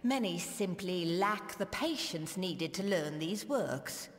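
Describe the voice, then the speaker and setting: A woman voicing a calm, earnest healer character in a fantasy video game. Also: fairly low pitch, slow pace, in a large hall. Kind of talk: game voice acting.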